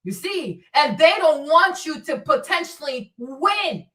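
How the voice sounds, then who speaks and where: A woman who immigrated to America rants bluntly, swearing and sarcastic, in casual commentary. Her voice sits high. She sounds set back from the microphone, a little distant. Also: sing-song, takes it slowly, pushed and bright. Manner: blunt, profane, sarcastic ranting. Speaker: commentary channel host.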